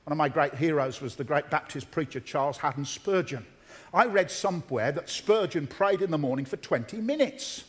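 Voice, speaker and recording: High-voiced man preaching earnestly. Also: moderate pace. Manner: earnest, emphatic, repeats key phrases. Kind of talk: sermon.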